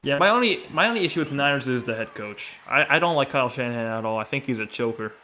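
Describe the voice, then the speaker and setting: A man giving casual live baseball play-by-play, chatting with viewers and reacting excitedly between pitches. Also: quick pace, slight background noise. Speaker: live sports commentator.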